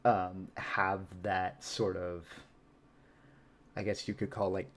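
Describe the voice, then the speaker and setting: A stage actor guesting on a podcast chats casually, rambling and reflective, with plenty of fillers and laughs. His voice is deep, with vocal fry.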